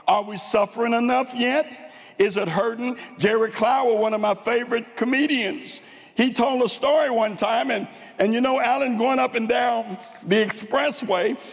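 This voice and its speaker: A man from Tennessee with a Southern accent, preaching a fervent sermon with drawn-out, dramatic emphasis in a large church. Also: very high voice, vocal fry. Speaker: guest preacher. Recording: long reverb in a large church.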